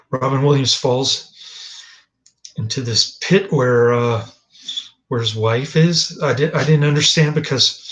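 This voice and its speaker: A man's voice: medium pitch, a bit bright, low-quality recording. A man giving a casual, rambling movie review, hesitant with many fillers and restarts, dry and dismissive.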